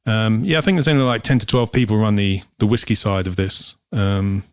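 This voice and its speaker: A man's voice: lowish voice, steady tone, a little fast, smooth, dry recording, studio quality. A man co-hosting a whisky show, chatting casually and explaining with lots of ums. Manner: rambling, explaining with many ums. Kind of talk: casual chat.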